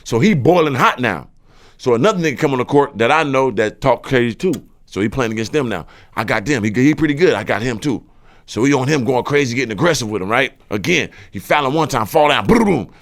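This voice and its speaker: A man's voice: mid-range voice, a little fast. A man hosting a podcast, telling a story in casual slangy speech and acting out the quoted lines in a raised voice. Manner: animated, acts out quotes in raised voice; slangy, profane. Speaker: podcast host.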